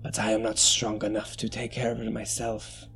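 A man voicing a skeletal male death spirit with a scythe, speaking slowly and menacingly. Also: lowish voice, completely flat delivery, fairly bright tone, faint music behind. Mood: ominous. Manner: slow, measured, menacing.

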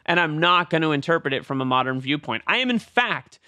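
A man in casual film talk with a bright, forceful voice, a little higher than most men. He talks animatedly and wanders between ideas. The sound is dry and close. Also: fairly quick, no echo. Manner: animated, digressive, acts out quotes in a theatrical voice. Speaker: podcast co-host.

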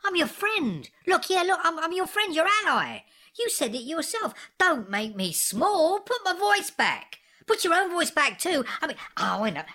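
A foul-mouthed little man with a squeaky sped-up chipmunk voice in an audio drama. He swings between blustering threats and wheedling, his pitch leaping about brightly. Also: big pitch swings, normal speed, heavily acted. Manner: swearing, blustering, then wheedling. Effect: sped-up chipmunk pitch shift.

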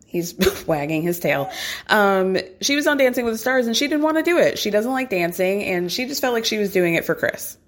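A woman's voice: mid-range voice, sing-song, brisk. A young woman casually recapping a reality show in a gossipy, chatty way, full of asides.

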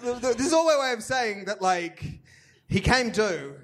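A man's voice: high-pitched, expressive, normal speed, a bit bright, slight background noise. A man co-hosting a live comedy podcast on a theatre stage, telling a rambling story full of "like" and laughing at his own tale. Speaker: podcast co-host.

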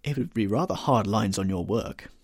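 A man reading the part of a witty, languid aristocratic gentleman with an airy, amused manner. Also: on the low side, normal speed, husky, dry recording, studio quality.

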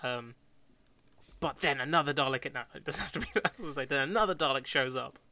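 A man's voice: medium pitch, quick pace, sharp tone, no echo. A man co-hosting a podcast, brainstorming a story in loose, joking casual chat with many fillers. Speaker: podcast co-host.

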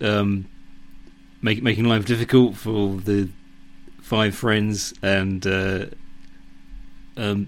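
A man hosting a solo podcast, talking casually with hesitant fillers and reading his own story. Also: fairly low pitch. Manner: hesitant, many ums and restarts. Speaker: podcast host.

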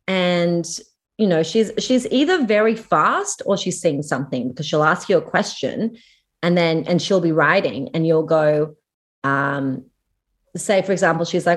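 A woman's voice: deep voice, normal speed. A young adult Australian woman chatting casually as a podcast guest, telling a story and acting out the quoted lines. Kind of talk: casual chat.

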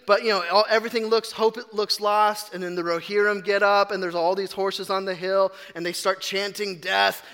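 Bright high-voiced man preaching in a hall. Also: clear, resonant tone. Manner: chatty, self-deprecating, frequent ums and restarts. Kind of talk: casual storytelling sermon. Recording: long reverb of a large hall.

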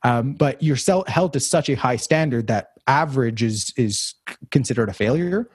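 A young man with a slightly husky voice talks in a loose, reflective way, circling back and restarting his sentences. The sound is dry and close, with almost no room around it. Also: medium pitch, animated, moderate pace, no echo. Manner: rambling, reflective, many fillers and restarts. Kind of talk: casual conversation.

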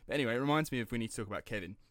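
A man's voice: mid-range voice, animated, very fast, dry recording, studio quality. A young man hosting a casual true-crime podcast, chatty and rambling, swearing and laughing easily as he tells the story. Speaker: podcast host telling the story.

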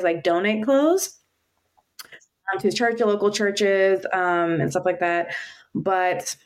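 A woman in her thirties co-hosting a podcast, chatting casually and emphatically, laughing often. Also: fairly low pitch. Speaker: podcast co-host. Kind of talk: casual chat.

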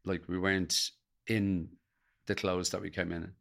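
A man's voice: low-pitched, level tone, moderate pace, gravelly, a bit bright. An older man with an Irish accent, telling his life story as a guest in an interview, earnest and reflective. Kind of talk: personal storytelling in a podcast interview.

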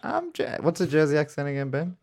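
A man hosting a casual podcast, explaining the topic in a relaxed way with fillers. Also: fairly high pitch, quick pace. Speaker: podcast host. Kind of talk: casual chat.

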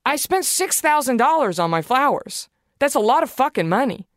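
A woman's voice: high-pitched, sing-song, moderate pace, dry recording. A woman in a casual podcast chat, venting with blunt swearing and self-mockery. Her delivery is emphatic and frank. The sound is close and dry, with no room around it.

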